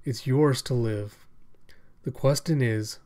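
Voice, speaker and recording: A man's voice: mid-range voice, slow, warm tone, lightly acted. A man reading as a grim older hunter. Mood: grave. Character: older male doctor and hunter, grim and remorseful.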